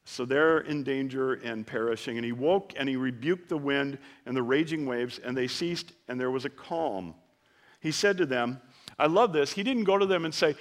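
A man's voice: a little high, fairly bright tone. Joking conversational male pastor. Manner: conversational and joking, acting out quotes. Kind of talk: sermon. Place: church service.

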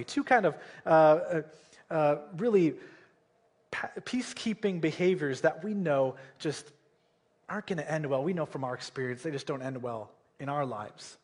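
A man's voice: on the high side, normal speed, breathy edge. A man preaching a sermon, retelling a Bible story in a casual way and often checking in with "right?" and "okay?".

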